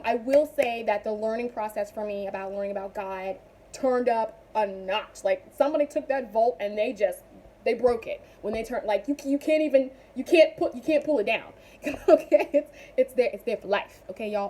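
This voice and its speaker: A young woman chatting casually in a vlog, animated and rambling with frequent asides. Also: a little high, normal speed. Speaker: vlogger.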